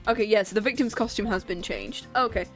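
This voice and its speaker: A woman's voice: medium pitch, quick pace. A woman streamer giving casual, chatty commentary over a game, with offhand asides about her own reading. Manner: chatty, self-remarking asides. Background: faint game music.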